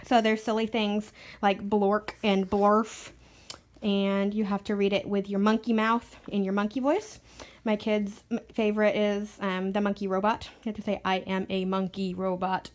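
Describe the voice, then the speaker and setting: A woman's voice: mid-range voice, level tone, moderate pace. A young adult woman, a parent, casually recommending a favorite read-aloud book, chatty and full of "um" fillers.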